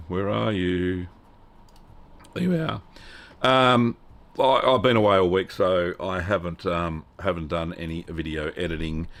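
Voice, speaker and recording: A man in his fifties with an Australian accent, chatting casually with viewers as host of a livestream. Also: low voice. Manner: relaxed, rambling, greets chat viewers by name. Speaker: host of a cheese-making livestream.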